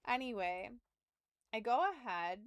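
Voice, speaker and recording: A woman's voice: mid-range voice, measured pace, smooth, no echo. A young adult woman streaming from home, telling a story in casual chat with laughs and profanity, close to her mic. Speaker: game streamer.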